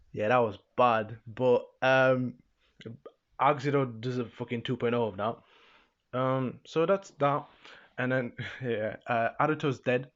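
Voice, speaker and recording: A man's voice: medium pitch, a bit bright. Rambling young man recapping an episode. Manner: rambling, filler-heavy, laughing often. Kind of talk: casual unscripted recap. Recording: slightly dull lo-fi sound.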